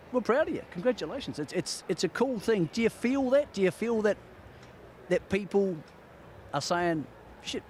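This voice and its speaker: A man's voice: on the high side, slight background noise. A man hosting a racing show, chatting with a trainer in a matey way and asking leading questions. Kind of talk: casual interview. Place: outdoors at a racecourse.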